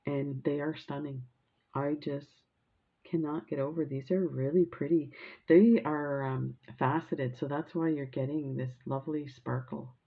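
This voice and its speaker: A woman's voice: low voice, creaky, breathy edge, narrow, tinny audio. A woman chatting casually while showing off craft supplies, rambling into a childhood story and gushing over sparkle. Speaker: crafting vlogger.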